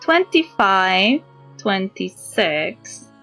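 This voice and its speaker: A woman's voice: mid-range voice, sing-song, extremely slow, a bit bright, soft background music. A woman streamer, chatting casually while playing and answering chat. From Poland. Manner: musing to herself, answering chat.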